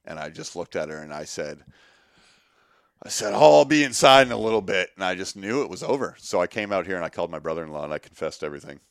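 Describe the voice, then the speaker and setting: Talking fast in a deep voice, a man in his thirties shares his story as a workshop guest, candid and animated, swearing often and putting on voices for the quotes. It's studio quality with no room sound.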